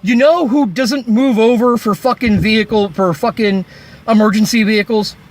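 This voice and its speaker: High-voiced man ranting, swearing hard. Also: fairly even intonation, normal speed. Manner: furious, heavy swearing, sarcastic. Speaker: vlogger. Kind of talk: angry roadside rant. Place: recorded while by a road. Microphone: phone.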